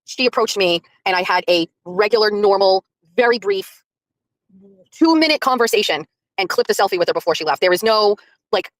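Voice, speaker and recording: A chatty woman tells her viewers a story at a fast clip, replaying each line of the conversation in quotes. Her voice sits close and dry, with no room around it. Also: medium pitch, animated, dry recording, poor audio. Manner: chatty, retells by acting out quotes, laughs often. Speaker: streamer covering a court trial.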